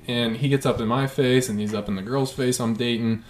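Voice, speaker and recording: A young man tells a story on a podcast, loose and profane, swearing his way through every turn. His voice sits at an ordinary middle pitch. The room around him rings with a noticeable echo. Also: steady tone, brisk, slight background noise. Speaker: podcast co-host telling a story. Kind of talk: casual podcast chat.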